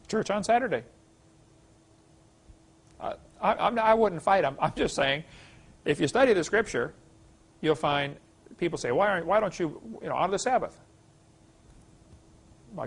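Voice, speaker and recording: A man's voice: fairly high pitch, vocal fry, breathy edge. A middle-aged man teaching a creation science class, lecturing in a folksy, emphatic way and reading scripture aloud.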